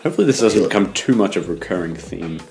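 A man's voice: low-pitched, fast talker, vocal fry, soft background music. A young man co-hosting a podcast in casual chat, making dry, crude jokes. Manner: dry, crude joking, animated. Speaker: podcast co-host.

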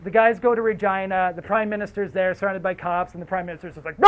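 A man giving a casual storytelling lecture, animated, slangy and profane, drifting into asides. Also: high-pitched. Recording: tinny phone-like audio.

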